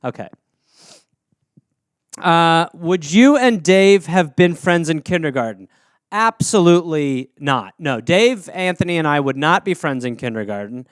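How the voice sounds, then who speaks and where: Male comedy podcaster, high and bouncy, rambling and profane, dry studio sound. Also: a little slow, clean tone, dry recording. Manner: animated, profane, rambling riffs. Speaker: podcast host.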